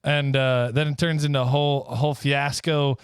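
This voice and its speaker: A man co-hosting a podcast who picks up a made-up comic story and tells it haltingly, with many uhs and ums. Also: medium pitch, flat delivery, clean tone, no echo, studio quality. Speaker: podcast co-host.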